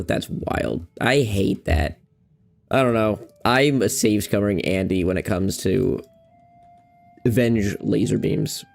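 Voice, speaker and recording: A man rambles through casual gameplay commentary, playful and easily sidetracked. His voice is gravelly and jumps around a lot in pitch. Faint music plays under him. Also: a little mellow. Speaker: gamer.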